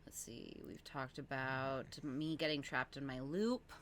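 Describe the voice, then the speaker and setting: Woman, low pitch, casual rambling storyteller, podcast guest. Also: a little slow, a little hiss or hum. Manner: animated, rambling with frequent fillers.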